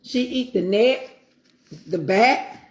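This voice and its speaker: In a reverberant space, a middle-aged woman speaks slowly and expressively at a medium pitch. She's a home cooking vlogger making casual conversation over a meal, with homespun, sermonizing asides.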